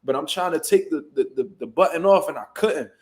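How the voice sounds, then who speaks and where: A man, a boxing trainer, telling a story in casual, profane, animated talk and loudly acting out what people said. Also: fairly high pitch, a little fast. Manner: profane, animated, jumps into loud acted-out quotes.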